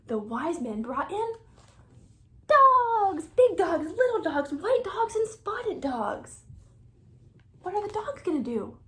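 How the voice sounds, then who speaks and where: Woman reader for a children's picture book. Animated, high-pitched, whispers asides to the kids. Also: a little slow.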